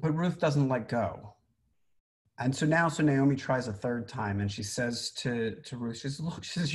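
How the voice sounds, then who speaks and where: A middle-aged man teaches as a rabbi, telling an old story in a loose, conversational way. His voice sits in a mid range, and he often restarts phrases and fills pauses with ums. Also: mid-range voice. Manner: conversational, many fillers and restarts. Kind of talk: informal Torah teaching.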